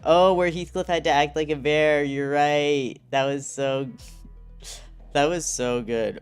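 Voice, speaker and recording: A man's voice: a little high, steady tone, slow, smooth, faint music behind. A man streaming a game, chatting casually, reading chat and game text aloud. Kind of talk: casual live-stream commentary.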